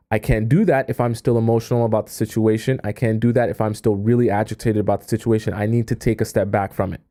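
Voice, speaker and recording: Male dating coach, warm and mellow voice, chatty live-stream delivery with constant "okay?" check-ins. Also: mid-range voice. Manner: conversational, keeps checking in with "okay?" and "right?". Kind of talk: live stream advice talk.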